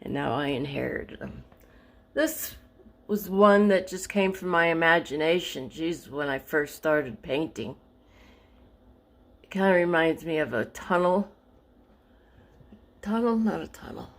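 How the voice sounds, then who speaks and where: With an unhurried, deep voice, a vlogger presents her artwork in a casual show-and-tell at home. Walking along the wall, she rambles, hunts for words and corrects herself.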